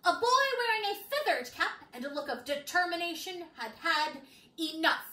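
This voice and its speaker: A woman reading a picture book aloud to children, playful and expressive, with dramatic pauses and wry asides. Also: very high voice, reverberant, low-quality recording. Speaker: children's storytime reader.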